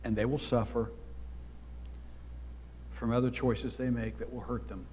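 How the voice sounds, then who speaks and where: A man preaching a sermon as pastor, earnest and exhorting, his voice swelling louder when he drives a point home. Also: medium pitch, little pitch movement, unhurried, in a large hall, a little hiss or hum. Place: church sanctuary.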